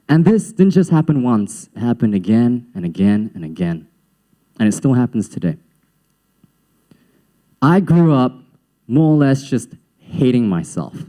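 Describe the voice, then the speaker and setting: A young man from Singapore with a slight Western-sounding accent, telling his life story on stage to a young audience and acting out quotes as he goes. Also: mid-range voice. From Singapore, raised in Southeast Asia. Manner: animated storytelling, acts out quotes, laughs often. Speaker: youth event speaker.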